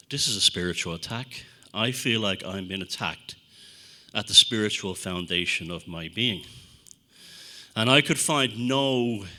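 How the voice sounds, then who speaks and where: A man giving a talk to an audience, telling stories in an animated, profane way and acting out quotes. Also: lowish voice. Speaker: speaker at a talk. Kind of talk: anecdotal public talk to an audience.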